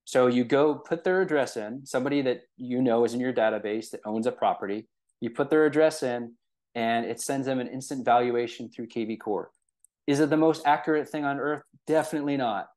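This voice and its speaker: This man's voice sits in the middle range and has a darkish tone. Leading a real estate training, he keeps things casual and conversational, often checking on his audience and leaning on fillers and a rhetorical "right?".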